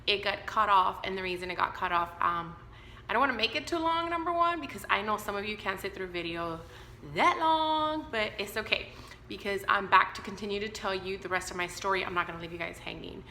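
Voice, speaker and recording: In an unscripted personal vlog, a woman in her thirties talks candidly to her viewers, full of fillers and asides. Her mid-range voice is animated, a little fast, pushed and bright. The room is echoey, with a little hiss or hum.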